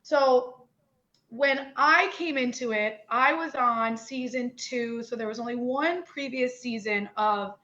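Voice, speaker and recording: A woman's voice: a little high, bright, forceful tone. A young woman from Newfoundland with a Newfoundland accent, talking candidly and animatedly as an interview guest, full of "like" and "you know". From Newfoundland, Canada. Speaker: podcast guest. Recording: dull lo-fi audio.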